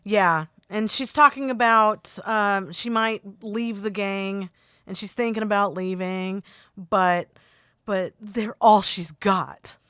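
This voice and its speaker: A woman co-hosting a casual podcast, rambling through a movie recap with jokes and quick asides. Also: mid-range voice, fairly bright tone, clear, resonant tone, no echo, clean studio sound. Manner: rambling, jokey, retells scenes with quoted voices. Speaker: podcast co-host.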